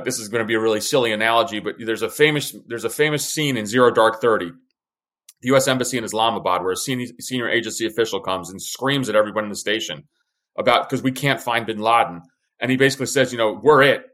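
A man's voice: mid-range voice, a bit bright. A man who used to be an intelligence officer, talking as a podcast guest. He speaks with force and conviction, stumbling over restarts and stacking fillers as his thoughts run ahead. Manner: emphatic, many restarts and fillers. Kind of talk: podcast conversation.

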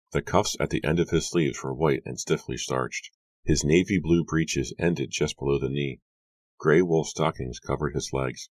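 A man narrating a horror audiobook in a hushed, suspenseful storytelling manner. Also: extremely low pitch, no room sound.

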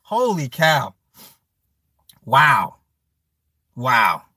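A man giving a crude, joking rant to his stream viewers, laughing often, with his pitch swinging up and down. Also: very animated, very slow, pushed and bright, breathy edge, no room sound, clean studio sound.

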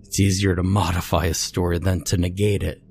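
A man voicing a tough male detective with a low voice in a spoken horror story. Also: flat delivery, unhurried, vocal fry, a little hiss or hum. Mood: urgent.

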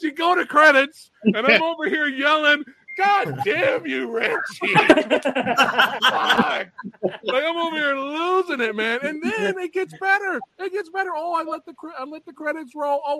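A man hosting a podcast interview, telling a story in an animated, excitable way, swearing freely. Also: very high-pitched, normal speed. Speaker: podcast host.

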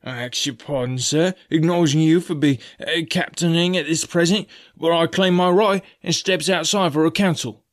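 A man voicing a surly, defiant male sailor who talks in a raised, slow, aggrieved voice. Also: fairly high pitch, pitched above the performer's own voice, lightly acted.

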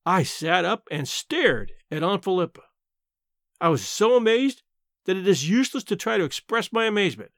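A man narrating a first-person novel as an audiobook, with expressive storytelling delivery. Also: sits high, moderate pace, no room sound, clean studio sound.

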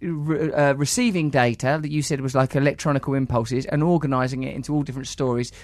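Fast-talking guy, teasing and riffing, dry close sound. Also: mid-range voice, steady tone, no echo. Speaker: podcast host. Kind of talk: casual chat.

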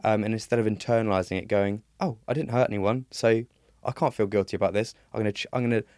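A man's voice: fairly low pitch, fast, darkish tone, no echo, clean studio sound. A young British man speaking earnestly as a podcast guest on mental health, with frequent fillers and restarts. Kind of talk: casual conversation.

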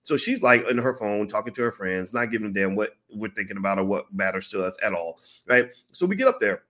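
Here a man with a fairly low voice speaks quickly while recounting a story for his vlog. His delivery is lively and informal, and he plays the characters himself.

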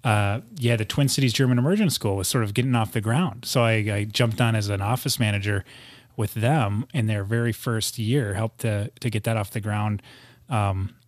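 Man, low pitch, dry studio sound, podcast guest, casual rambling storyteller. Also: moderate pace, no room sound. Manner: rambling storyteller with many restarts. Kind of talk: casual interview chat.

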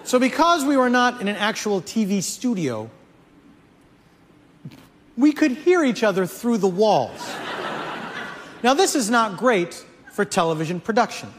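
A man, a comedian, telling a comic story in an animated way. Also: sits high, measured pace, pauses often, in a large hall, a little hiss or hum. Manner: animated, building to mock-outraged shouts.

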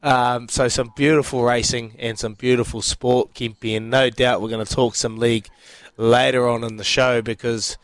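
A man's voice: medium pitch, little pitch movement, moderate pace, smooth, no echo. Chatty New Zealand man, dry close sound. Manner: chatty, enthusiastic, matey. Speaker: radio co-host. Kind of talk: casual sports chat.

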